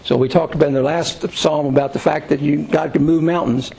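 Leading an informal Bible study, a male Bible teacher reads scripture aloud and then explains it conversationally in plain terms. He speaks fairly quickly in a slightly high, steady, gravelly yet mellow voice, on a rough recording with a little hiss or hum.

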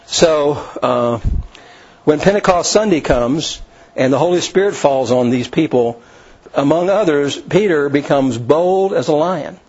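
Husky man telling a sermon story. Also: fairly high pitch, expressive, unhurried, a little mellow. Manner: retells scripture in his own words, with restarts and asides. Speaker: preacher. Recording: dull lo-fi recording.

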